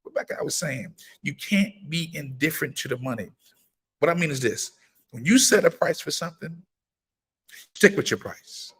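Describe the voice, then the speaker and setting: A man's voice: brisk, breathy edge. A man hosting a casual livestream, talking in a preacherly, emphatic way and repeating his points. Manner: breaks into high-pitched excited exclamations when greeting viewers. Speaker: firearms trainer and livestream host. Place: gun laws in Maryland.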